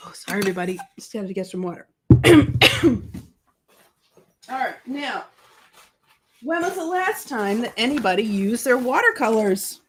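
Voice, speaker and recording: Live craft-show host, woman, bright chatty gusher, coughing through a summer cold, pitched a touch high. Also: big pitch swings, moderate pace, long pauses, slight background noise. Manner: gushing, talks to the chat.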